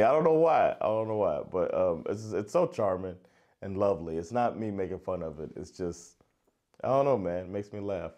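Animated American man reacting to music. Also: low-pitched. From United States. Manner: animated, laughing, rambling asides. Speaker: reaction video host. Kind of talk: casual reaction commentary.

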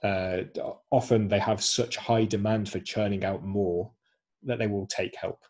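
A man's voice: on the low side, fairly even intonation, a little slow, a little mellow. A man presenting a webinar over a video call, explaining screenshots step by step. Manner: explanatory, walks through screenshots.

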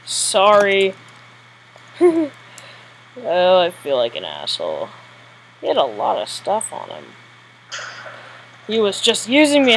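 A woman commentating her own gameplay live, excitable and jittery, often giggling. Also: mid-range voice, slow pace, pauses often, a little hiss or hum, poor audio. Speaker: gamer.

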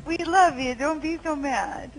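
A woman's voice: high-pitched, a little slow, over music, rough recording. A woman chatting casually as a guest on a gaming stream, giggly and self-mocking. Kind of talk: casual chat over online gaming.

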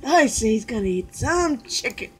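A woman's voice: on the high side, big pitch swings, normal speed, a bit bright, a little hiss or hum, low-quality recording. A woman giving playful, jokey commentary while playing a cooking game. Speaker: gamer. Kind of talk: casual let's play commentary.

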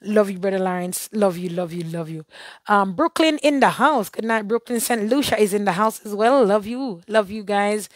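A hoarse woman hosting a live stream, giving churchy blessings and greeting viewers one by one. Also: medium pitch, moderate pace, no echo. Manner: warm churchy blessings and shout-outs. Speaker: livestream host.

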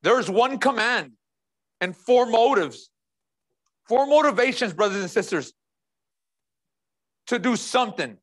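A man's voice: very high voice, expressive, a little slow, pauses often, fairly bright tone. A man preaching a sermon as pastor, emphatic and repeating key phrases while speaking straight to the congregation.

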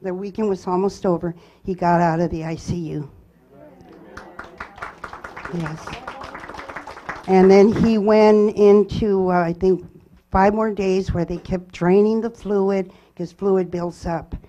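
A woman giving a personal testimony at church, telling her story earnestly with halting restarts. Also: mid-range voice, fairly even intonation, warm tone, lo-fi sound, a little hiss or hum.

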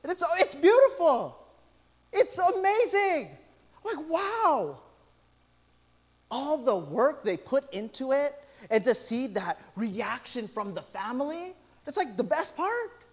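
A middle-aged male pastor preaching a sermon, telling stories with lively quoted asides. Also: extremely high pitch, unhurried. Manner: animated storytelling with quoted asides.

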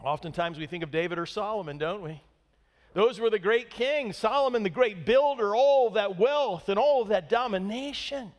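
Animated high-voiced pastor in a reverberant hall. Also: male voice, moderate pace. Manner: animated, asks the congregation rhetorical questions. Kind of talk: sermon. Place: church sanctuary. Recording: long church hall reverb.

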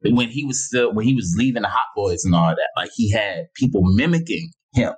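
A comedian from Harlem, chatting casually on a podcast and quoting rap bars with relish. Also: male voice, on the low side, lively intonation, brisk, slightly rough. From Harlem, New York. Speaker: comedian guest.

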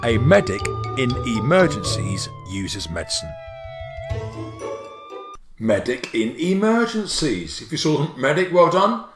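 A man giving a playful, jokey livestreamed spelling lesson, full of quick asides. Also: on the high side, wildly swooping pitch, echoey room, music in the background. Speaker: spelling teacher.

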